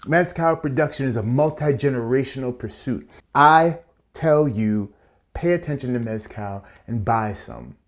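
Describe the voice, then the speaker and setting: A man's voice: mid-range voice, measured pace. A man hosting a casual cocktail tutorial, chatty and playful, with asides and slang as he builds a drink. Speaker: bartender and channel host.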